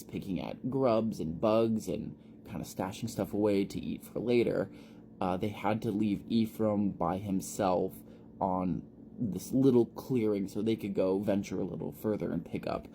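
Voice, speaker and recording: A man casually recapping a story in a relaxed, conversational way. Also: on the low side, moderate pace, creaky, slight background noise.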